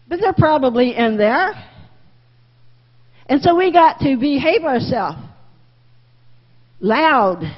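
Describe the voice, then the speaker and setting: A woman leads a Sunday school lesson in a church. Her husky, middle-pitched voice stays folksy and candid, circling back over her own phrases. The recording is muffled, and the room's echo lingers. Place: church classroom. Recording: muffled reverberant room recording.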